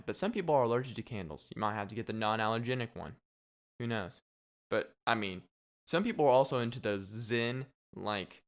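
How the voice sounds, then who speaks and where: A young man hosting a casual solo podcast, rambling and joking with frequent laughs. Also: mid-range voice. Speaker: podcast host.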